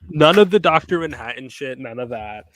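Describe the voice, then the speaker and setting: A man's voice: medium pitch, expressive, moderate pace, fairly bright tone. A man in a casual group chat, hesitant and prone to trailing off.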